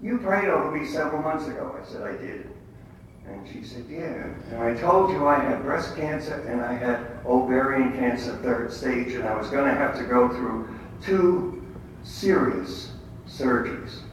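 A man's voice: medium pitch, moderate pace. Older man telling stories in an echoey hall. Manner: storytelling with quoted dialogue, emphatic. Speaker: lay speaker at a prayer meeting. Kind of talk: faith talk to a group. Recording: echoey hall, distant mic, faint background noise.

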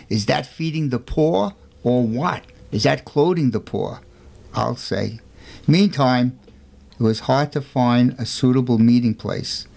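A man's voice: medium pitch, vocal fry, darkish tone. A man telling a saint's story on a talk show, emphatic, with rhetorical questions.

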